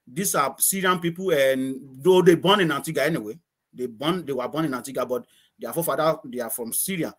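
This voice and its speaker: A man's voice: medium pitch, brisk. A middle-aged man from Nigeria, a guest chatting casually in an interview, rambling, repeating words and laughing often.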